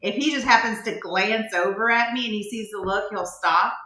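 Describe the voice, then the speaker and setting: A woman's voice: mid-range voice, normal speed, pushed and bright. A woman co-hosting a podcast, telling stories in a matter-of-fact, dry way. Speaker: podcast co-host. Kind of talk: casual chat. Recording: echoey room.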